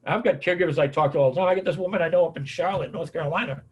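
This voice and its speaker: A middle-aged American man speaks rapid-fire in a fairly high, slightly rough voice on a lo-fi recording. He gives a folksy, anecdote-filled talk on caregiving and grief, repeatedly tagging his sentences with "man" and "on it."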